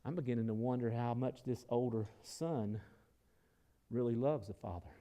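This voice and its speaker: A male pastor preaches a sermon in a medium-pitched voice at normal speed. He swings between loud emphasis and quiet reflection, calling on the congregation to answer back.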